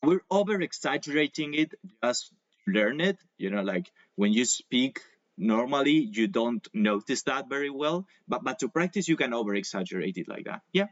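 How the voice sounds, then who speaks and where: A man whose first language is Spanish teaches English over a video call. He explains patiently with examples and drawn-out pronunciation. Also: mid-range voice, expressive, dry recording, muffled recording. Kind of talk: online English lesson.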